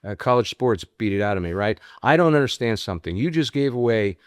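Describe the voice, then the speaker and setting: A man with a New York accent hosting an interview, animated and jokey, often cutting in with questions. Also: medium pitch, fairly quick, smooth, dry recording, studio quality. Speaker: host. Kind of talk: casual interview talk.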